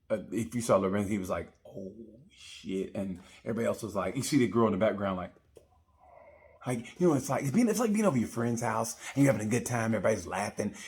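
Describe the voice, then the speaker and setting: A man giving a rambling, profane comedic review of a motorcycle race. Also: lowish voice. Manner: rambling, profane, animated storytelling. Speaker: comedy racing commentator.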